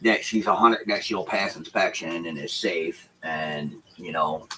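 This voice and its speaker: A man with a low, unhurried but pushed and bright voice rambles in casual, profane chat with his livestream viewers. He's in a room at home with shelves behind him, using a dual-screen computer setup, and the low-quality recording carries a little hiss or hum.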